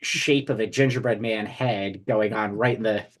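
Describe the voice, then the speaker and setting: A man's voice: on the low side, fairly even intonation, normal speed. A man co-hosting a podcast, telling a story in a wry, mock-solemn way over a video call. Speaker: podcast co-host. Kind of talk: casual chat.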